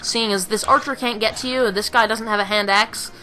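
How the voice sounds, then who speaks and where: A woman's voice: medium pitch, steady tone, a little fast, pushed and bright, faint music behind. A woman giving casual, rambling gameplay commentary, joking at her own expense and giggling often. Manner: rambling, self-mocking, giggly. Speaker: let's play commentator.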